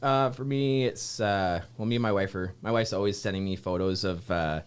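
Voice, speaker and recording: Guy soldier, lowish voice, rambles and acts out what people said. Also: moderate pace, clean tone. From Saskatchewan, Canada. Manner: rambling, filler-heavy, acts out quotes. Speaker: soldier guest. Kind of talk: casual interview chat.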